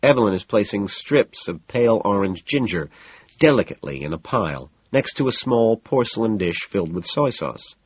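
Low husky guy reading an audiobook first person, lively, dry dull audio. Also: normal speed, no room sound. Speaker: audiobook narrator. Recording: dull, muffled audiobook recording.

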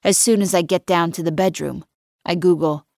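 Female narrator, first-person audiobook; low-ish, cool and controlled, dry close recording. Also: steady tone, normal speed, creaky, a little mellow, no room sound.

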